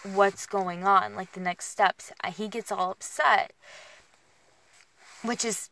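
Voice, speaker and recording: A woman's voice: medium pitch, fairly even intonation, slow, gravelly, fairly bright tone, no room sound. A young woman vlogging while driving, rambling through emotional restarts and filler words, sounding worn and alone. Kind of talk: casual venting while driving. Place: in a car.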